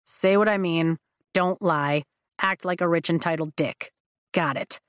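Woman reading as a young male warrior: dry, earnest, lowish voice, dry studio sound. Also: unhurried, smooth, dry recording, close to an everyday voice.

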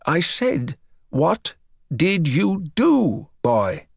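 A man's voice: mid-range voice, wildly swooping pitch, a little slow, creaky, breathy edge, no room sound, clean studio sound, heavily acted. A man voicing an older, pompous male headmaster with a haughty, condescending drawl. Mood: irritated.

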